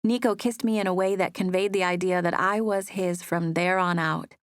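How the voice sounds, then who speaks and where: Female audiobook narrator, first-person romance, intimate, lowish voice, dry booth recording. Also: fairly even intonation, moderate pace, clear, resonant tone, no room sound. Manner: soft, intimate storytelling. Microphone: close studio mic.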